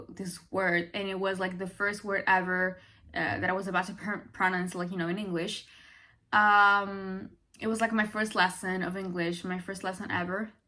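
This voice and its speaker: Young female vlogger, from Italy, expressive chatter, bright tense tone. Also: mid-range voice. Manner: expressive, chatty, many fillers. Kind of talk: casual chat to camera.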